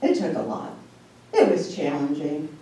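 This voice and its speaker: Woman in her sixties, storytelling speech, animated, echoey hall, recorded from far off. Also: low voice. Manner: animated, drawn-out pauses, laughing asides. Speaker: speech contest speaker. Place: meeting hall.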